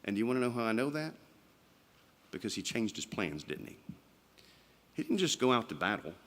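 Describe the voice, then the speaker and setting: In a church sanctuary, a man delivers an evening sermon in a conversational style, tossing rhetorical questions at the congregation. His lowish voice is very animated, a little fast, and slightly bright.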